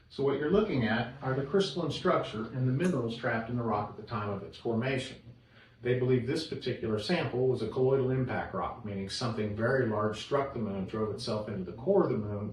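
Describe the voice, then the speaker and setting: A man explaining a museum exhibit in a measured, explanatory way. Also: mid-range voice, a little hiss or hum. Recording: echoey room from far off.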